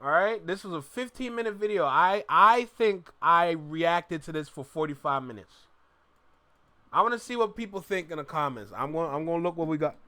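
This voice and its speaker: A man's voice: a little high, expressive, moderate pace, bright, forceful tone, dry recording. A man hosting a reaction video, commenting emphatically and talking to his viewers. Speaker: YouTube reaction host.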